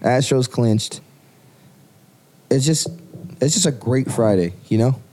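A man's voice: mid-range voice, takes it slowly, a little mellow. A man co-hosting a podcast in casual, rambling chat, swearing freely. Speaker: podcast co-host.

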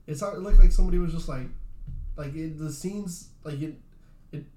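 Young man, rapid rambling chat, slightly high voice, roomy echo. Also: a little mellow, slight background noise. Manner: rambling, swears a lot, says "like" often. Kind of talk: casual chat.

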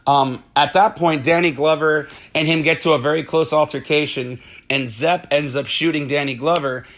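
A man casually retelling a film's plot, excitable and swearing freely, acting out the characters' lines as he goes. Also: on the high side, normal speed. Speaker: movie recap host. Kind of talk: casual spoiler-filled movie recap.

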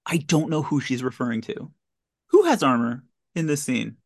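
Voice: medium pitch, very animated, normal speed. A podcast host giving a casual, comedic recap of a film, with incredulous, sarcastic commentary.

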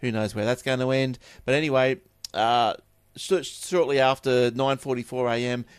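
A man's voice: medium pitch, fairly even intonation, normal speed, clean tone, dry recording, clean studio sound. Chatty Australian man reading tech news. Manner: chatty, offhand asides and repeated words. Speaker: tech podcast host reading news stories. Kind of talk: casual chat and news reading.

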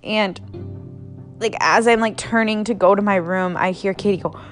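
A woman's voice: medium pitch, steady tone, moderate pace. Young adult woman, casual podcast storyteller, filler-heavy and unfiltered, faint music bed. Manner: chatty, heavy use of "like", swears freely.

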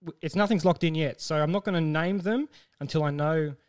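A man co-hosting a casual podcast, telling a story with lively acted-out quotes and frequent laughter. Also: a little high, brisk. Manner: animated storyteller, acts out quotes, laughs often. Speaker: podcast co-host.

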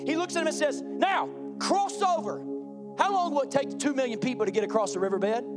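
A man's voice: very high voice, expressive, rapid-fire. A man preaching a sermon, acting out voices and repeating phrases for effect. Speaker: pastor. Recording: faint music behind.

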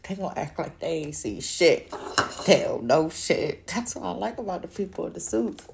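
A woman's voice: lowish voice, lively intonation, brisk, gravelly, darkish tone, a little hiss or hum. A woman hosting a podcast, talking alone in a rambling, profane, casual way and laughing often. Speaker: podcast host. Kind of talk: casual solo chat.

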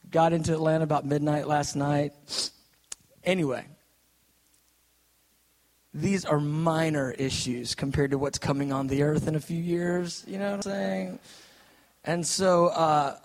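A middle-aged man preaching a sermon, moving from an earnest prayer into a lively personal story, intense and direct. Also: fairly high pitch, normal speed, long pauses. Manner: intense, earnest, quotes others in put-on voices.

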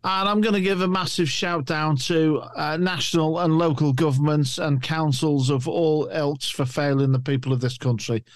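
A man's voice: fairly high pitch, steady tone, normal speed, hardly any pauses, no echo, studio quality. A man co-hosting a satirical podcast chat, grumbling and mocking the others. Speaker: podcast co-host. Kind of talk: satirical pub-style chat.

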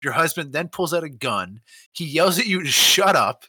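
A man co-hosting a casual movie podcast, animated and laughing as he acts out scenes. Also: on the high side, no room sound. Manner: animated, laughing, acting out scenes in quick voices. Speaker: podcast co-host. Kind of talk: casual movie-discussion chat.

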